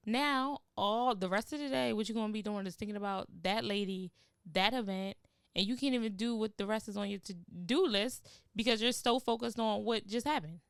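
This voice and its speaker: A woman hosting a podcast, telling stories in an animated way and using casual slang. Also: medium pitch, creaky, clean tone, dry recording, clean studio sound. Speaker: podcast host.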